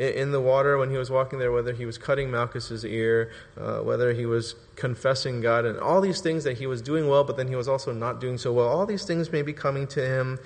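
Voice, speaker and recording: A man preaching a sermon, telling the story in a lively, joking way and acting out quotes. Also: mid-range voice, big-room sound.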